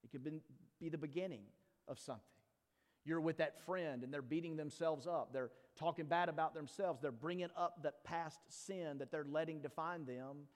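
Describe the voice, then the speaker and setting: Pastor, male, higher-pitched voice; brisk scripture reading, then slow, questioning sermon delivery; long hall reverb. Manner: reads scripture briskly, then preaches slowly with rhetorical questions; playful asides to the congregation.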